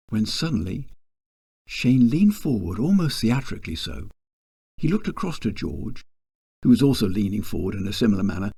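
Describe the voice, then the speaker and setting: A man tells a story about himself, wry and self-deprecating. His voice is husky and mellow, and his pitch rises and falls with lively swings. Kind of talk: first-person storytelling.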